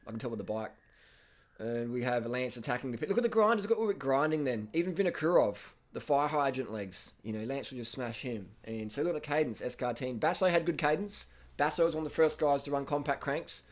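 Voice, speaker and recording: An Australian man casually commenting over race footage, blunt and excitable, swearing and repeating himself. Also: medium pitch, a little fast. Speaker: cycling video host.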